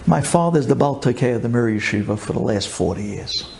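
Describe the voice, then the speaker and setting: A rabbi giving an impassioned storytelling sermon, fervent and pleading, repeating phrases and swinging from low calm to high emotional cries. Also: male voice, a little fast, gravelly. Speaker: rabbi telling an inspirational story.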